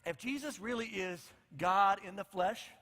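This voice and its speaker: A man's voice: high-pitched, unhurried, sharp tone, long reverb tail. A male pastor preaching a conversational sermon, acting out the lines of the people in his story. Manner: conversational, acts out the disciples' lines.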